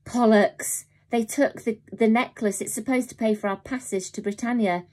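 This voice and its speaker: A woman voices a serious, protective older boy who speaks urgently, pitching above her own natural voice. Her delivery sits on the high side with fairly even intonation, normal speed, and a darkish tone.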